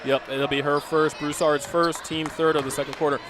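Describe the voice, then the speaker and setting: A man calling a high school basketball game play by play, with excited calls and chatty asides. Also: moderate pace, a crowd in the background. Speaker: play-by-play announcer. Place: school gym broadcast booth. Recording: noisy gym ambience behind.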